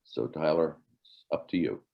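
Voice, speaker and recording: An older man teaching a class over a video call, talking haltingly with many fillers and restarts. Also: rumbling low, expressive, creaky, highs cut off. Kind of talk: virtual class lecture.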